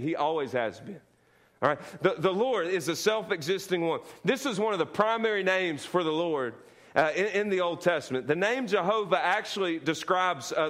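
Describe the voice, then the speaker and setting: Man, high-pitched voice, pastor, emphatic sermon, repeats key phrases, call-and-response. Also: fairly bright tone.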